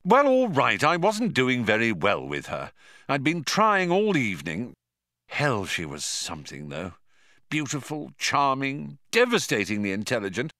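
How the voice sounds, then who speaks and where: A man's voice: medium pitch, huge pitch swings, a little slow, pushed and bright, no room sound, clean studio sound, voice pushed up, heavily acted. Male reader doing an indignant, stubborn everyman, insistent, audiobook. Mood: aggrieved.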